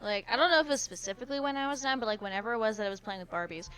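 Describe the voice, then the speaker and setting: A woman in her early twenties, chatting playfully and quickly while co-streaming a game. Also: a little high, expressive, a bit bright, clean tone, faint music behind. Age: 20s. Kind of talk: casual chat during a game stream.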